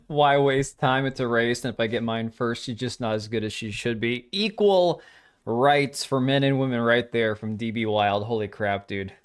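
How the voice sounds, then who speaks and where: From a home setup, a middle-aged man hosts his own livestream, sounding tired and sore as he chats loosely, jokes, chuckles and swears casually. His mid-range voice is expressive, clear and resonant, and he speaks a little slowly.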